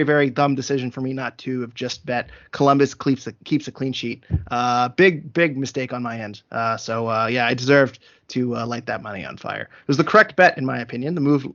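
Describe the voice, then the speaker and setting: A man's voice: mid-range voice, vocal fry, a bit bright. A man hosting a casual sports podcast, talking through numbers methodically with frequent fillers. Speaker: podcast host. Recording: dull lo-fi sound.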